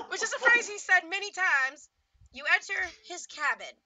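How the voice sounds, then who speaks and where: A woman narrating as dungeon master of a tabletop game, playful and quick to laugh. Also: very high voice, big pitch swings, background noise.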